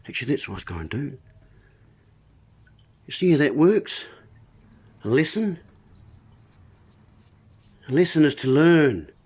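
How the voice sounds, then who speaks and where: A man's voice: on the high side, a little mellow, husky. A man delivering a rambling monologue as host, full of playful wordplay and talking straight to the listeners as folks.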